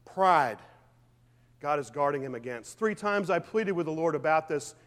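High-voiced, fervent male preacher. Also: lively intonation, moderate pace, long reverb tail. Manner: fervent, emphatic preaching with rhetorical questions; swings between loud declarations and quiet, low asides. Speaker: pastor. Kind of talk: sermon.

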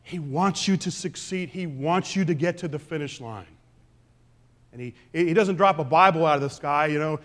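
A pastor preaching a conversational sermon, swinging between loud emphasis and quiet asides. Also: male voice, a little high, normal speed. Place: church sanctuary.

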